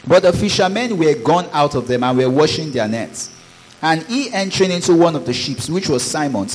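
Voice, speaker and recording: Preaching man, raised pitch. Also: rough recording. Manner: preaching with rising exclamations, reads scripture aloud. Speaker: pastor. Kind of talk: sermon.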